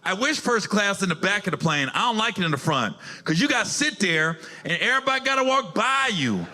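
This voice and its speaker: A man's voice: sits high, sing-song, brisk, bright, forceful tone. A male stand-up comedian telling stories in a casual, profane, conversational way on a club stage. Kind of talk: stand-up storytelling.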